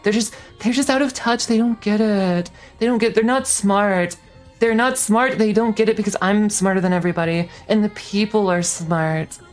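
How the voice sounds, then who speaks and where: A woman's voice: medium pitch, normal speed, faint music behind. A young woman in her twenties, a streamer ranting casually, heated and swearing with lots of fillers and restarts. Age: 20s. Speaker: VTuber streamer.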